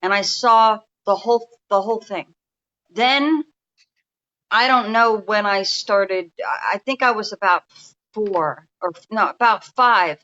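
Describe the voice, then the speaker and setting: Bright-voiced New woman in her fifties. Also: mid-range voice, slow pace, lo-fi sound. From New York. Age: 50s. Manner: rambling, restarts often, speaks in a confiding way. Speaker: guest energy healer. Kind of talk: casual storytelling interview. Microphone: remote call.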